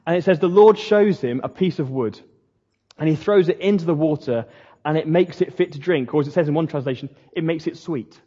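Man, preaching, conversational, mellow husky voice, long hall reverb, dull lo-fi sound. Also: fairly high pitch. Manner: conversational, with slips and restarts. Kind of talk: sermon.

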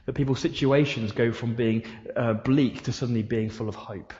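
A man's voice: medium pitch, fairly even intonation, normal speed, mellow. A man preaching a sermon in a church hall, asking his listeners repeated rhetorical questions. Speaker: pastor. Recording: echoey hall, dull sound.

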